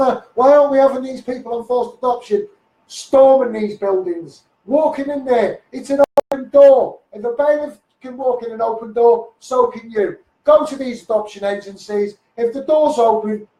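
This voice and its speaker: A man's voice: high-pitched, mellow, echoey room, recorded from a distance, poor audio. A man with a Scouse accent ranting heatedly into a live stream, repeating himself and swearing often. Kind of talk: impassioned Facebook live rant.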